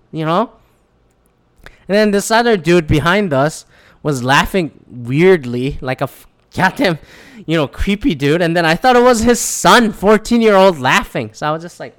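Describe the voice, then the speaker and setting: A man's voice: high voice, moderate pace, no room sound. A man ranting casually about a live wrestling show, swearing often and acting out what people said. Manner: animated, swears a lot, acts out quotes. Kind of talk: casual profane rant.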